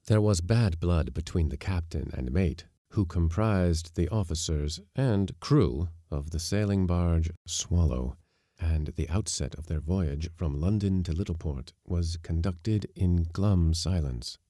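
A man narrating a short story in a steady, measured reading for a podcast. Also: low voice, no room sound, studio quality. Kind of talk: scripted audiobook narration.

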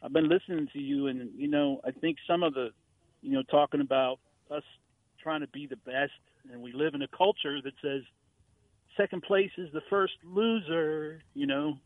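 A man calling into a radio show, friendly and halting as he searches for words. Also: fairly high pitch, no room sound. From San Antonio, Texas. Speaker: radio caller. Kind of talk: phone-in call. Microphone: telephone. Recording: tinny dry phone line.

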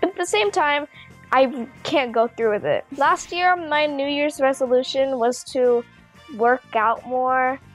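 A woman's voice: high-pitched, unhurried, faint music behind. A young girl chatting casually in a shy, shrugging, self-deprecating way. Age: young, eleven. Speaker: host's niece, guest. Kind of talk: casual chat.

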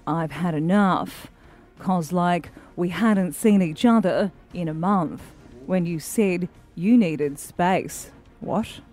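A woman co-hosting breakfast radio, reading lyrics deadpan in a newsreader voice. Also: fairly low pitch, takes it slowly, soft background music. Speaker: radio co-host. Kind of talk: casual breakfast radio banter.

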